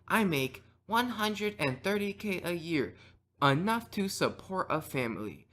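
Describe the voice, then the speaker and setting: A teenage boy putting on a weak robot voice for a stiff android boyfriend who talks in slow, formal lists of facts about himself. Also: high-pitched, very animated, fairly bright tone, voice pushed up, full character voice.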